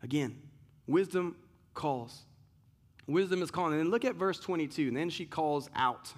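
Male pastor, sermon, slightly higher voice, emphatic but conversational. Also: normal speed. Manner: rhetorical questions, emphatic and conversational with asides.

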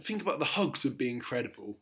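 A man's voice: medium pitch, very animated, fast, fairly bright tone. A young man co-hosting a podcast, chatting casually with a playful, jokey manner and frequent laughter. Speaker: podcast co-host. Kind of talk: casual chat.

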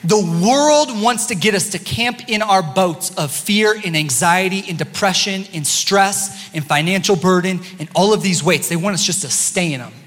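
A high-pitched man preaches a sermon to his congregation, easy and playful as he teases listeners between points. His voice carries through a large sanctuary with a long, ringing reverb. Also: moderate pace, few pauses, a bit bright. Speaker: pastor. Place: church sanctuary. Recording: long church-hall reverb.

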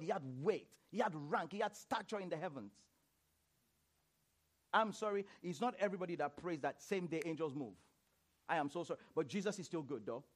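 A man preaching a sermon in church, animated, laughing often and repeating phrases as he questions the congregation. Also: sits high.

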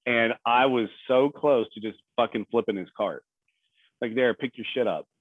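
A man as a podcast guest in casual chat, blunt and gruff, laughing at himself now and then. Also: medium pitch, normal speed, no echo. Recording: tinny phone-like line.

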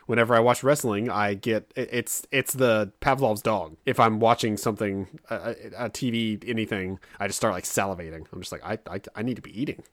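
A man's voice: on the low side, fairly even intonation, a little fast, hardly any pauses, fairly bright tone, no echo. Laughing man in casual chat, dry sound. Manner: laughs often, jokey, acts out silly voices.

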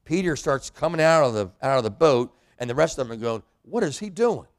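A man's voice: medium pitch, fast talker, clean tone. A man preaching a sermon in a church, a pastor and hospital chaplain who acts out the voices of people in scripture.

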